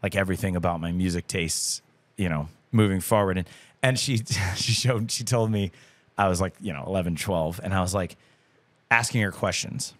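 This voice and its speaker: A man's voice: low voice, moderate pace, no room sound. A young man, a guest musician, telling stories in a loose and chatty way, full of filler words and swearing. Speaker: guest musician, band vocalist. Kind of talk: casual podcast interview.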